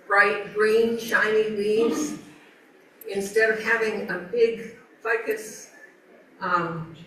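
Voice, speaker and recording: With a bright, forceful, medium-pitched voice, a woman gives an informal talk on plants at an outdoor garden event. She keeps it chatty, laughing and using fillers often. The recording sounds roomy, with a distant mic and faint ambience.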